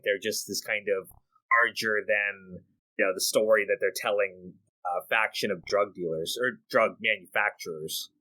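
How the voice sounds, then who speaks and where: A man hosting a podcast in casual chat. His voice is bright and forceful, and he works through his thoughts aloud, often repeating words as he restarts. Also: lowish voice, poor audio. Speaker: podcast host.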